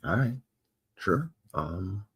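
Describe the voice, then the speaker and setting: A man's voice: deep voice, animated, slow, slightly rough. A Canadian man hosting a live show, casually reading historical notes aloud and breaking off for wry, offhand asides. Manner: wry offhand asides between read-out facts.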